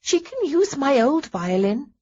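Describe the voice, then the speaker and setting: A woman voicing an excitable young lady who shrieks and sniffs. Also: sits high, unhurried, lo-fi sound, pitched above the performer's own voice. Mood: sniffy.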